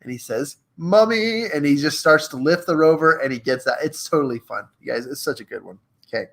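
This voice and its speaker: A young man hosting a live coaching stream, energetic and playful, reading passages aloud and chatting directly to his viewers. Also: medium pitch, fast talker, creaky. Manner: energetic, playful, reads aloud from a book and retells movie scenes. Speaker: host of a live social media show.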